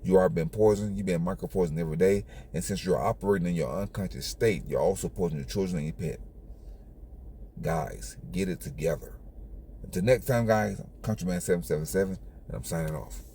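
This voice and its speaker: A man's voice: sits low, brisk, mellow, slight background noise. A man hosting his own channel, lecturing viewers in a preachy, repetitive monologue. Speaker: channel host.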